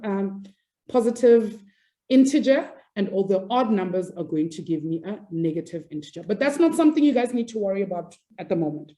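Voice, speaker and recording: A woman's voice: mid-range voice, mellow. A woman teaching a maths class online, upbeat and chatty, apologizing and laughing easily as she explains.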